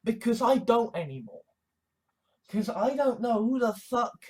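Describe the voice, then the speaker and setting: A woman's voice: on the high side, animated, unhurried, darkish tone, husky, low-quality recording. Woman, vlog monologue, swears constantly, agitated, restarts sentences. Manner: profane, agitated, self-interrupting. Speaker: vlogger. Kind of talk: rambling monologue.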